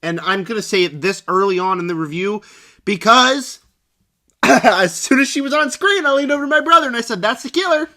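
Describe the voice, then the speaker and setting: A young man giving an animated, sarcastic spoiler review of a movie. He keeps slipping into mocking voices for the characters. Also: sits high, normal speed.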